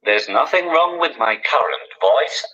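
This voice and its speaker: A man, a comedian, talking through a communication aid with a posh-sounding synthesized voice, giving measured, dry answers. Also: medium pitch, expressive, bright, forceful tone, dull audio. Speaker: guest comedian.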